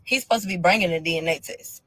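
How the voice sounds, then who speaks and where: A woman telling a personal story to viewers in a blunt, profane storytime rant, swinging from low mutters to loud crying shouts. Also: fast talker, slightly rough, no echo, low-quality recording. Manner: profane, blunt street slang.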